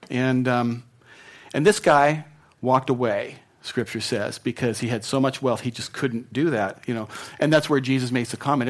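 A man's voice: mid-range voice, normal speed. A man pastor preaching a sermon in a conversational way, repeating words and often checking in with the congregation.

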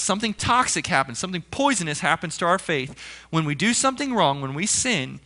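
A young adult male pastor preaching in a casual, chatty manner. His voice sits high and sounds bright and forward, and he slips into animated storytelling to make his points. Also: fairly quick. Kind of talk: sermon.

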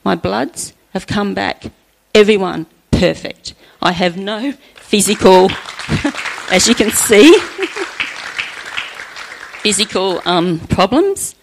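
A middle-aged woman sharing an earnest personal faith testimony at church, chatty and often laughing softly. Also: mid-range voice, expressive, takes it slowly, vocal fry, long pauses, crowd noise, background noise.

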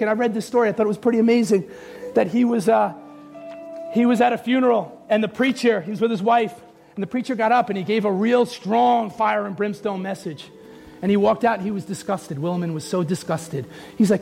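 A male pastor preaching a sermon in church, passionate and often shouting, stretching out his phrases, then dropping to a low confiding tone. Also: quick pace, gravelly, faint music behind. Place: church sanctuary.

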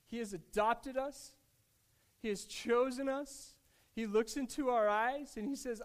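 A male pastor with a notably high voice delivers a heartfelt sermon. He talks in a conversational way, restarting phrases and dropping casual asides. His delivery dips to a near hush and then rises to emphatic, louder stretches. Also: fairly even intonation, measured pace. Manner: earnest, with swings between hushed and emphatic delivery.

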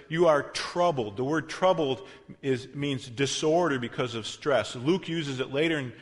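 A man preaching a sermon in a conversational way, with asides and self-corrections, swinging between loud emphasis and quiet passages. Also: medium pitch. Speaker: pastor. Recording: long reverb of a large hall.

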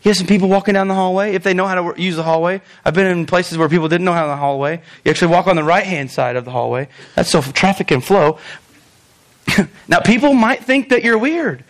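A man's voice: sits high, quick pace. A middle-aged male pastor preaching a sermon in a conversational, joking way, often restarting and repeating words. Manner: conversational and joking, with laughs and asides.

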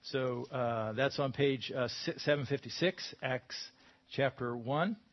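A man's voice: mid-range voice, a little slow, muffled recording. A man preaching a sermon in a conversational way, with emphatic bursts when he quotes scripture.

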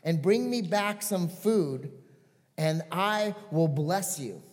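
A man voicing an elderly dying father who is giving his son a blessing, in a low and subdued storytelling voice. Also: animated, slow. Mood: solemn. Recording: long church hall reverb.

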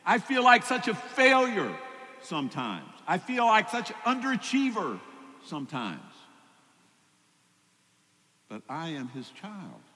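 A man's voice: fairly high pitch, bright, forceful tone. A man preaching a sermon as pastor, conversational, with rising emphatic peaks. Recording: long hall reverb.

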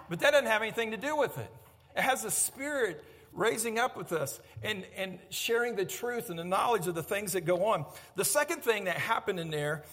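Male pastor with a high voice, animated storyteller, delivering a sermon in a big reverberant hall. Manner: animated storytelling, acting out shouts. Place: church sanctuary.

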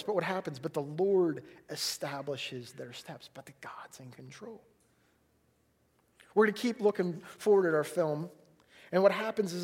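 A man with a noticeably high voice delivers a sermon in a chatty, animated way. He keeps asking his listeners questions, leans hard on some lines and drops others to a hush. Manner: animated, swings between loud emphasis and hushed quiet lines; conversational, asks the audience questions. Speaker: pastor.

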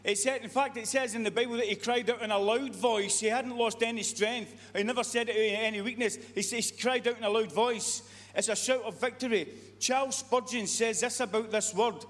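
A man's voice: very high voice, steady tone, a little fast, a bit bright. A man preaching a sermon, earnest and repetitive, often restarting his sentences. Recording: long reverb of a hall.

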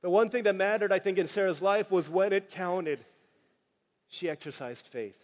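A man preaching a sermon as pastor, animated and joking, acting out the voices of the people he quotes. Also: high voice, moderate pace. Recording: long hall reverb.

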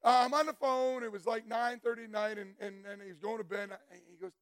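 A middle-aged man giving a folksy, animated testimony sermon, telling stories and breaking into shouts. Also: sits high, quick pace, smooth, dry recording. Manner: folksy, storytelling, bursts into shouts.

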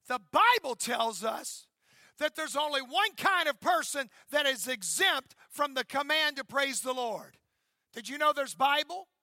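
A male pastor in his fifties preaching a fervent sermon in a church, shouting and calling out to the congregation. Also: very high voice, no room sound. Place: church sanctuary.

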